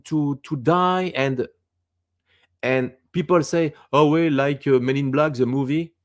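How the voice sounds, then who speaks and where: Slow-talking man with a Quebec French accent. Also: mid-range voice. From France. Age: 50s. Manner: halting, searching for English words. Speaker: guest. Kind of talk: casual interview talk.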